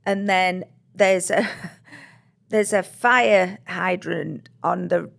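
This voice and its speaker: A woman co-hosting a podcast, chatting casually and telling animated stories about her dog. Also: on the low side, extremely slow, creaky. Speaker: podcast co-host. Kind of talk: casual chat.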